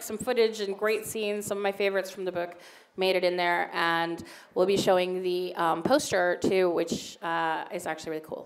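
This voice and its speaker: A woman's voice: medium pitch, a bit bright. A woman in her thirties answering fan questions on stage, chatty, with lots of fillers and laughter. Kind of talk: casual Q&A on stage.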